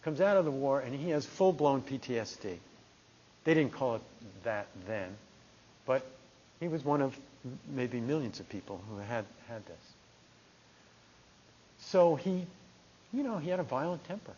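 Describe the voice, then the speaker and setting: A middle-aged man from New Jersey giving a meditation talk, telling a personal story in a lively conversational way. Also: medium pitch, normal speed, long pauses. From New Jersey, USA. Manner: conversational, animated storytelling with restarts. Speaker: meditation teacher. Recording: dull lo-fi talk recording.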